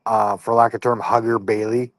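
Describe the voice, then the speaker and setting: A man's voice: lowish voice, little pitch movement, normal speed, no echo. A man co-hosting a wrestling podcast, recapping a show in a laid-back, hesitant way. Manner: easygoing, hesitant, lots of ums and fair enoughs. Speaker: podcast co-host.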